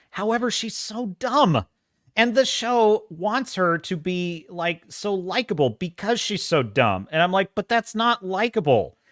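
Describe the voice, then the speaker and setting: A man's voice: high-pitched, lively intonation, slow pace, a bit bright, no echo, studio quality. A man hosting a podcast, giving emphatic, casual commentary with frequent restarts and the occasional curse. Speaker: podcast host. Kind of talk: casual pop-culture commentary.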